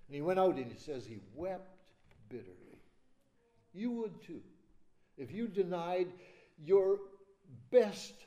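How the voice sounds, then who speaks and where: A man preaching a sermon, acting out quoted voices and swinging from loud emphasis to hushed, soft lines. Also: high voice, very animated, takes it slowly, pauses often. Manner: acts out quoted speech. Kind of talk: expository sermon.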